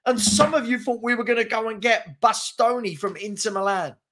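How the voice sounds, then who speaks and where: This angry football fan rant comes briskly from a man with a high, somewhat bright voice. He's an exasperated channel host hammering away with repetitive rhetorical questions to camera.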